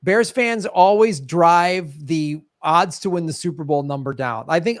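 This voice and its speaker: Man from chicago, podcast host, high voice, dry sound, emphatic. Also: dry recording. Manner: emphatic, riffing. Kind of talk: casual chat.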